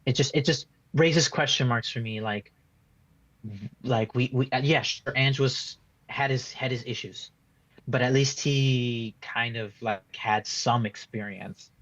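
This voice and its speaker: A man's voice: medium pitch, a little slow, a bit bright, no echo, lo-fi sound. A man giving a casual post-match fan reaction, rambling and frustrated, full of restarts and "like" fillers. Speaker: football fan being interviewed.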